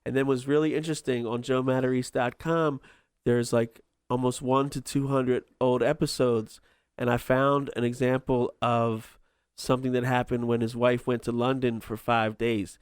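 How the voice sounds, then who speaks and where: A man's voice: medium pitch, little pitch movement, normal speed, smooth, no room sound, studio quality. A man talking as a podcast guest in casual chat, rambling with many ums.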